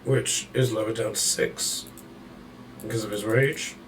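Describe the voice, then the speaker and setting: A man running a tabletop game as dungeon master, calling out the action in a measured play-by-play. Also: on the low side, fairly even intonation, far from the mic, slight background noise, low-quality recording.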